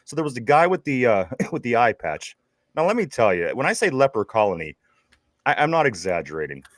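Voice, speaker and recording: A man's voice: medium pitch, very animated, a little fast. A man with a Pittsburgh accent co-hosting a casual sports podcast. His voice rises and falls a lot as he rambles, stammering and repeating words. The sound is dry and close, with no room echo. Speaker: podcast co-host.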